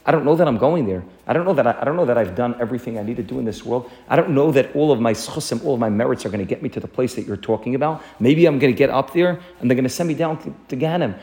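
A dying man begging for more life, as a storyteller puts him on. He talks fast and anxiously in a middling voice. Every line presses his father-in-law for help. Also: medium pitch, lively intonation, darkish tone, lightly acted. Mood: pleading. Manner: pleading, anxious.

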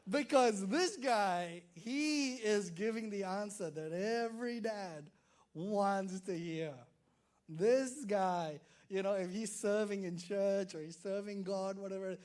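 Male preacher, unhurried delivery, lively storyteller acting out his characters. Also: high voice. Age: adult father. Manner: animated storytelling, acts out quotes, frequent "right?" to listeners. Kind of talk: sermon.

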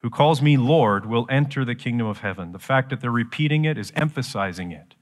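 Preaching a sermon as pastor, a man with a mid-range voice moves from quiet explanation to loud, slow, emphatic lines. The sound has the spaciousness of a big room.

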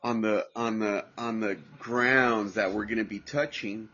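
A man's voice: lowish voice, steady tone, measured pace, pushed and bright, muffled recording. Rambling profane man from Southern California. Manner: rambling, profane, restarts often. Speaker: podcast host. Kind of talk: casual livestream podcast chat.

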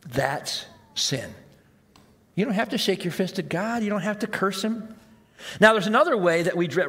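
A man with a high voice delivers a sermon. He talks to the congregation like a conversation, pressing hard on key points and then dropping into quiet, drawn-out asides. His voice rings with a long reverb through a large hall. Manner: conversational preaching, swinging between raised emphasis and hushed, slow asides. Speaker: pastor.

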